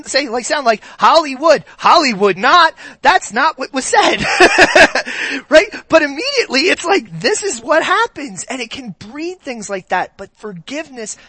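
An animated preacher delivering a sermon, with a bright, forceful voice that swings widely up and down in pitch. The delivery is conversational and hammers points home by repeating phrases. The sound is close and dry. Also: no echo.

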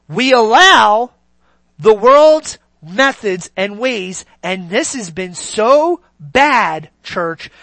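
A preacher delivering a sermon, swinging between loud, drawn-out emphasis and quiet, near-whispered lines. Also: mid-range voice, dry recording. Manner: slow, drawn-out stresses on key words.

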